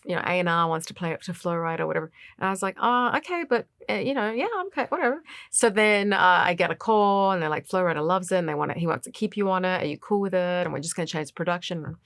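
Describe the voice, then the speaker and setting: Woman, animated storyteller, mimics voices, dry close sound. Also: on the low side, no echo. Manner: animated storyteller, acts out voices, laughs often. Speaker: singer-songwriter guest. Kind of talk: casual interview storytelling.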